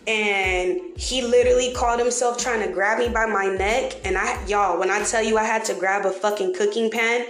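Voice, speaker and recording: A woman candidly telling her own story to the camera, blunt and heavily profane, with dark humor. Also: mid-range voice, steady tone, normal speed, few pauses. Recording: echoey room with faint music.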